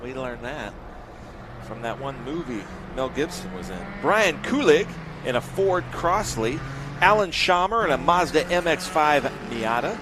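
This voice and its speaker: A man's voice: a little high, noisy background. A man doing live race commentary, joking around and reeling off long lists of drivers and cars.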